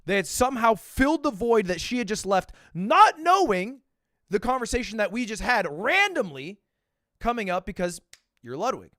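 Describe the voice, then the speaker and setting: A man in his twenties telling a story on a livestream in an animated, profane, self-deprecating way. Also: high voice, normal speed, no echo, clean studio sound. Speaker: streamer.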